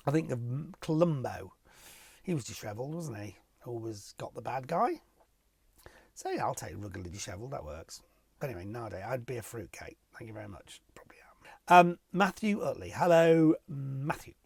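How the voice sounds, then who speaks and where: A man's voice: medium pitch, very animated, normal speed, vocal fry, a little mellow, husky, dry recording. A middle-aged man, a television property presenter, answering viewer questions in a casual, playful way and chuckling often. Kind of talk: casual chat.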